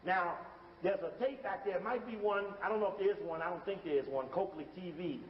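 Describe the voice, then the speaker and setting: A man's voice: high-pitched, a little fast, long reverb tail, dull audio, slight background noise. A man giving casual, emphatic commentary over video footage and calling out cues to stop and rewind it. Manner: emphatic, talks straight to the listener and calls out cues to stop and rewind.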